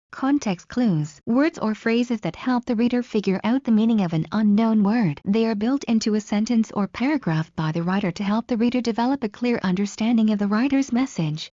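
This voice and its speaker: Female narrator, mellow and dry, for measured term-and-definition study flashcards. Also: mid-range voice, dry recording, lo-fi sound. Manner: measured, even reading of term then definition. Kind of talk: reading exam flashcard definitions.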